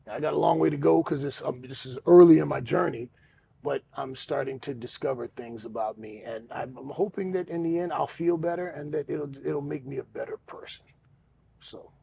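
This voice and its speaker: A man's voice: fairly high pitch, fairly even intonation, moderate pace, dark tone, a little hiss or hum. A man co-hosting a podcast, talking frankly and profanely with a self-mocking streak. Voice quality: gravelly. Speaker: podcast co-host. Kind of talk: candid podcast chat.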